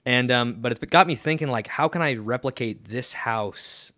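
A young man co-hosting a podcast, chatting casually in a rambling, halting way with lots of fillers and restarts. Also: medium pitch, bright, forceful tone, dry recording, studio quality. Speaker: podcast co-host. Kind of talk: casual chat.

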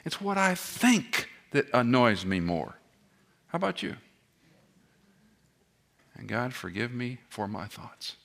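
Impassioned pastor, bright and lively. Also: male voice, medium pitch, slow, vocal fry, pauses often. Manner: impassioned, swings from loud cries to hushed near-whispers; self-deprecating asides. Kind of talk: sermon.

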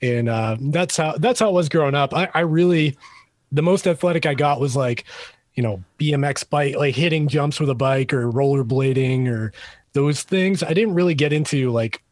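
A man's voice: a little high, moderate pace, no room sound, studio quality. Easygoing man with a light Boston accent. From Billerica, Massachusetts. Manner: relaxed, laughs easily, rambling. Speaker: guest, gear reviewer. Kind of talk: casual interview.

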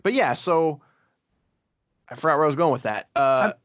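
A man's voice: on the high side, lively intonation, normal speed, a bit bright, dry recording, dull audio. A man co-hosting a casual game review chat, rambling with many fillers and restarts. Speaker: podcast co-host.

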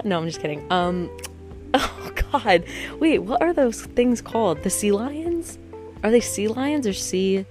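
A young woman from the US East Coast chats in a loose, rambling vlog style, often breaking off mid-thought and laughing at her own jokes. Her voice sits on the lower side, and faint music plays underneath. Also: darkish tone. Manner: rambling, self-interrupting, jokey, quick laughs. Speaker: vlogger. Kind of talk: casual chatty vlog.

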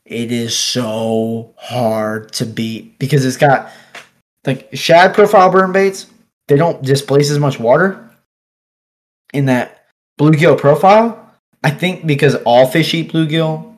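A man swapping fishing stories in an easygoing chat, his voice sitting at an ordinary middle pitch. He talks in an animated, rambling way, full of "like" and "dude", and he laughs often. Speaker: podcast guest angler. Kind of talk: casual storytelling chat. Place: office.

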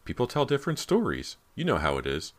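A chatty, slightly nervous teenage girl next door, voiced by a man in an audiobook. She talks in a light, gossipy way with a lively lilt, her pitch lifted well above a very deep voice. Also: fast talker. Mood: confiding.

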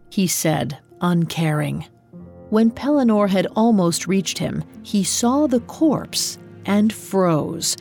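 A woman narrating a scripted storybook legend in a measured, deliberate way. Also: mid-range voice, expressive, vocal fry, darkish tone, soft background music.

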